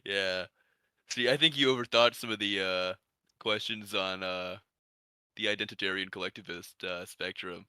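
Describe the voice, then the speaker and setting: A man's voice: sits low, fairly even intonation, normal speed, bright, forceful tone, smooth, no echo. A man co-hosting a casual livestream, offering brief wry responses.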